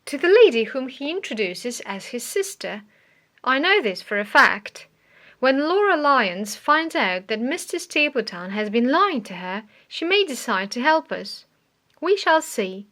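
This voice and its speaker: A woman's voice: a little high, big pitch swings, a little slow, bright, forceful tone, full character voice. A woman reading as a commanding male detective. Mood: calm. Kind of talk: audiobook reading.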